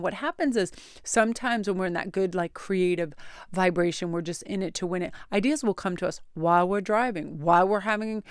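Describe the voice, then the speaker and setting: A woman tarot reader talking casually to her camera, rambling and animated as she tells everyday stories. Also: on the low side, smooth, no echo, clean studio sound. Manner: chatty, rambling, animated storyteller. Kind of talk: casual chatty vlog. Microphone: close camera-mounted mic.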